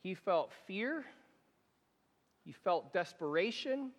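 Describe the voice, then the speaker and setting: A man, a pastor, leading a congregation in a slow, repetitive guided prayer during a sermon. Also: sits high, very animated. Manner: guided prayer, soft and slow, repeating phrases. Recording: long reverb of a church hall.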